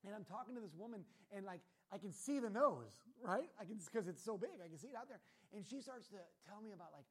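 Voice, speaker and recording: A man preaching a sermon as a pastor, telling stories in an animated way that swings between quiet asides and loud, emphatic moments. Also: sits high, quick pace, slightly rough.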